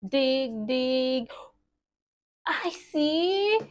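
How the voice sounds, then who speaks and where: A young woman leads a lesson for toddlers in a fairly high voice. She speaks very slowly and cheerfully in an exaggerated sing-song, stretching words and imitating animal sounds. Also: animated. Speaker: children's teacher.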